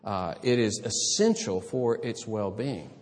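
A man preaching a sermon as pastor, animated and conversational, with humorous asides. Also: fairly low pitch, a little slow, long reverb tail.

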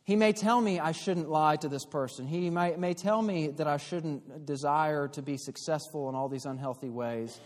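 A man teaching a church class in an explanatory way, pausing and restarting often. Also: fairly high pitch. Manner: explanatory, with frequent fillers and restarts. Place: church hall. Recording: long hall reverb.

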